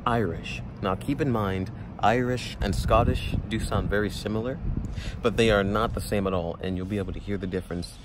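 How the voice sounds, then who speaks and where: A man's voice: fairly low pitch, brisk. A young man vlogging in a casual, rambling way, recorded outdoors. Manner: rambling, filler-heavy. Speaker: YouTuber. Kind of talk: casual vlog talk. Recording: outdoor traffic noise.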